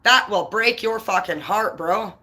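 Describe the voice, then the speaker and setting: On a casual live stream, a tarot reader swears nonstop and launches into a blunt, heated rant. Her medium-pitched voice is bright and forceful, moving at a measured pace. She comes across as profane and confrontational.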